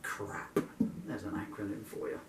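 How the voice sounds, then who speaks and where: A man's voice: unhurried, roomy sound, recorded from a distance, very noisy. A man in his sixties talking in a rambling, digressive way between songs, growing indignant as he goes. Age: 60s. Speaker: singer-songwriter.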